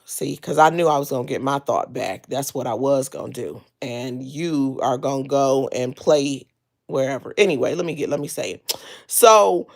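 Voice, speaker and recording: A woman hosting a casual gossip livestream from home, lying down, chatty and full of drawn-out ums. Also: very deep voice, gravelly. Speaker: livestream host.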